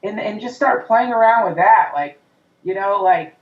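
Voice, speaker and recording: During an interview, a male comedian guest goes on an intense, profane rant, occasionally acting out the nagging voice of his inner critic. His high-pitched voice is expressive and moves at a normal speed. Sitting some distance from the mic in an echoing room, he sounds far off, and the recording is dull and muffled.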